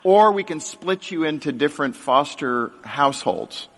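A middle-aged man telling his life story to a live audience in a lively, joking storytelling style. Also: normal speed. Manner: animated, jokey storytelling with big pitch swings. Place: large hall with an audience. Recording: long hall reverb.

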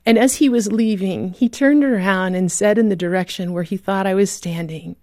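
A woman guest author telling a moving story in a radio interview, vivid and heartfelt, dropping to a hush at key moments. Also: mid-range voice, moderate pace, no echo, clean studio sound.

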